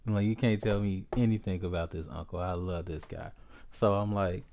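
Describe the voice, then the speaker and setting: A man in his forties from Ohio, hosting a podcast and telling a personal story, unhurried and halting, with frequent restarts. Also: low-pitched, steady tone, mellow. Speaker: podcast host.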